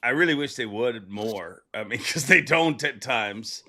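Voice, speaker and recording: Host: male, bright and forward tone, rambling and chatty with easy laughs. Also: medium pitch, expressive, measured pace. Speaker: podcast host. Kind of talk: casual interview chat.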